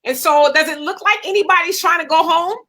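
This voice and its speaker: A woman's voice: extremely high pitch, a little fast, bright, forceful tone. A woman hosting a casual interview, chatty and full of fillers as she asks questions. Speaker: host.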